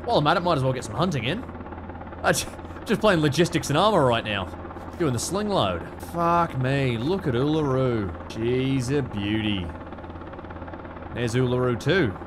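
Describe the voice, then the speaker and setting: Excitable Australian man gaming at home. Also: medium pitch, moderate pace, noisy background. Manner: excitable, sweary, rambling. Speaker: gaming video host. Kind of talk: casual gameplay commentary.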